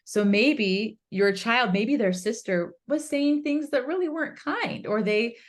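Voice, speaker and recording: A woman's voice: on the high side, unhurried. Earnest woman explaining parenting steps. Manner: earnest, acts out gentle parent phrases. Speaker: guest, author and curriculum instructor. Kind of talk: explanatory interview talk.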